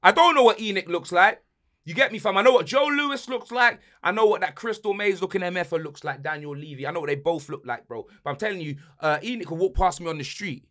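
Ranting young London man, bright tense voice. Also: sits high, lively intonation, fast talker. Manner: repeats slang tags like blood and fam, swings from shouting to muttering. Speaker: podcast host. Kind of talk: heated football rant.

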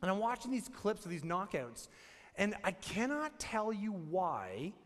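A male pastor preaches with lively, joking storytelling in a slightly raised voice. His words ring out with the long reverb of a church hall. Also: high voice, measured pace. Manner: animated, humorous storytelling. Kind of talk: sermon.

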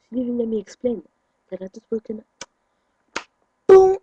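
Male vlogger, excitable ranter, mellow dry tone. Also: very high-pitched, quick pace, husky, no room sound, dull audio. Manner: indignant, excitable rant with sudden loud outbursts. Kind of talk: ranting to camera.

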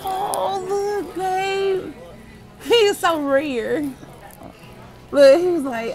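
A woman's voice: high voice, animated, slow, gravelly, long pauses, a little mellow, soft background music. A woman filming a casual vlog in a pet store, cooing at puppies. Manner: cooing, baby-talk at puppies. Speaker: vlogger.

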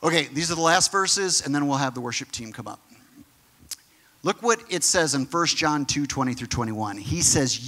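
A man's voice: fairly high pitch, expressive, moderate pace, sharp tone. A male pastor giving an earnest, conversational sermon and speaking straight to his congregation. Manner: earnest, repeats words, talks straight to the congregation.

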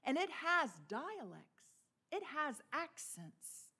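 A woman pastor from Texas preaching a sermon in a church, telling stories in a lively way. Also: sits high, slow pace. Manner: storytelling with laughs and imitated voices. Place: church sanctuary.

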